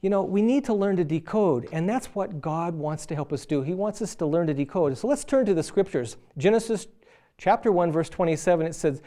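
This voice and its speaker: A man's voice: high voice, brisk. A middle-aged man preaching a sermon on marriage, acting out quarrelling spouses as he tells stories. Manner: animated storyteller acting out both spouses.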